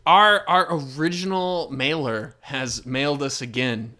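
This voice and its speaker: A man's voice: medium pitch, a little slow, sharp tone. A young man co-hosting a casual podcast, dropping dry, wry asides and reading listener mail. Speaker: podcast co-host. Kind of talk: casual chat. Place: shared room with co-hosts.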